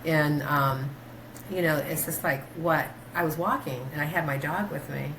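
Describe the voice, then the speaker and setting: Lady doctor chatting, lower-pitched voice, keeps restarting, noisy background. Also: normal speed. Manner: rambling storytelling with many fillers and restarts; animated, pitch jumps when quoting herself. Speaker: guest, doctor. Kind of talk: casual conversational interview.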